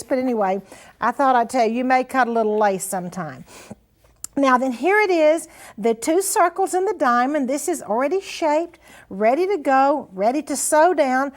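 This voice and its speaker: A woman's voice: high-pitched, lively intonation, moderate pace. An older woman hosting a sewing show, demonstrating steps in a folksy, encouraging way. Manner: chatty, folksy, encouraging, says "honey" and "now then".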